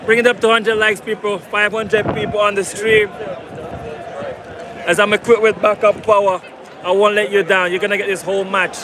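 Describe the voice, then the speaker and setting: A man with a high, flat voice livestreams a football match as a fan from the stadium stands, talking at a normal speed. He repeats himself, hypes his viewers and begs them to like and subscribe, the way live match commentary streams go. Loud crowd and outdoor noise from the surrounding fans fill the recording.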